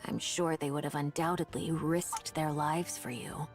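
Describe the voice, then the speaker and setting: A low, deadpan Rapture advisor. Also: female voice, a little slow, over loud music. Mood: cool, probing. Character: calm, cryptic female Rapture advisor. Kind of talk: video game voice acting.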